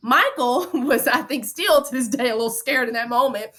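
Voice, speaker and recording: A woman's voice: sits high, normal speed, a bit bright. A woman guest in an interview, recounting events with emphatic repetition and acted-out quotes. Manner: emphatic, repeats phrases, acts out quotes. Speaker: reality show contestant guest. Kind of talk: candid interview storytelling.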